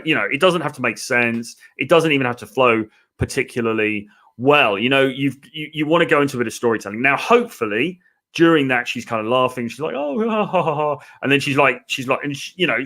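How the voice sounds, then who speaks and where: A man's voice: medium pitch, sharp tone. An English man giving dating advice in a casual, chatty live stream, with lots of fillers. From England. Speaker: dating coach. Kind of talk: live-stream coaching talk.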